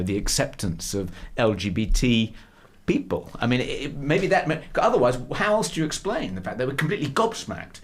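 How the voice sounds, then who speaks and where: Middle-aged podcast co-host, casual and halting delivery with frequent fillers. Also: male voice, medium pitch. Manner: hesitant, many fillers and restarts. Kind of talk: casual chat.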